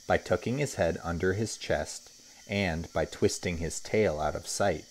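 A man, a teacher, reading a children's story aloud with expressive storytelling. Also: deep voice, measured pace, slight background noise.

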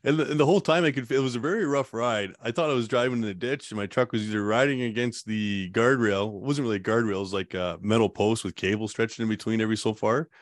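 A man's voice: fairly low pitch, fast talker, hardly any pauses, no echo, clean studio sound. A man in a casual interview, telling a long story in a rambling way and laughing now and then. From Canada. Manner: rambling, laughs while recounting. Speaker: guest telling his survival story.

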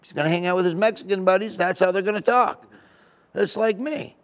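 A man, a comedian being interviewed, telling casual rambling anecdotes in an animated way. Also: sits high, a little fast. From United States. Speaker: comedian guest.

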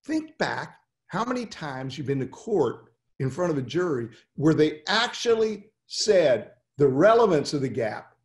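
A man with a voice a little higher than most coaches lawyers in a webinar. He talks in an animated, storytelling way and piles up rhetorical questions to make his point. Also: a little slow, reverberant. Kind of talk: webinar talk.

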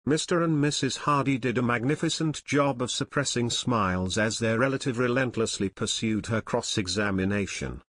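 A man narrating an unabridged audiobook in a steady, measured storytelling manner. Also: mid-range voice, dry recording, studio quality.

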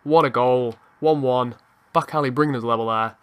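A young man hosting his gaming channel, giving live play-by-play commentary that turns excitable, with shouting at the game and swearing. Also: mid-range voice, moderate pace, clear, resonant tone.

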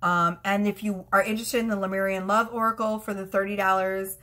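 A woman in her thirties with a bright, forward voice talks casually to her viewers as a tarot reader. She rambles, restarts sentences and swears freely. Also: mid-range voice, flat delivery, brisk. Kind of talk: casual chatty vlog.

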